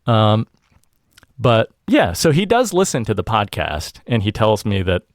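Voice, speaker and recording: A man with a lowish voice that swings widely in pitch, chatting casually as a podcast host. He laughs often and acts out his family's lines. The recording is dry and close to the mic. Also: measured pace, no room sound. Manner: animated, laughs often, quotes family members. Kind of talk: casual chat.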